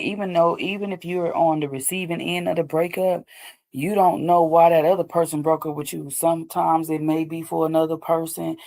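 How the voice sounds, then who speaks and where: This host is a woman whose voice sits low and comes across a little mellow. On her show she offers loose, casual advice on getting over heartbreak, repeatedly asking "you know what I'm saying."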